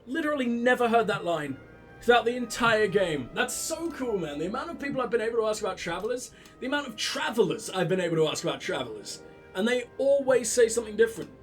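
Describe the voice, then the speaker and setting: A man's voice: sits high, sing-song, fast, soft background music. A young man giving sarcastic, profane commentary while playing a game, mocking the characters. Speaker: let's play gamer.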